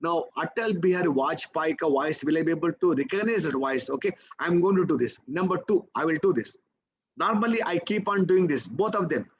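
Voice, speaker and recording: Slight background noise and poor audio surround a man whose voice is a little high and brisk. He speaks with an Indian English accent, leading a live memory-technique class in a coaxing way, posing rhetorical questions and checking in constantly with "okay?" and "right?"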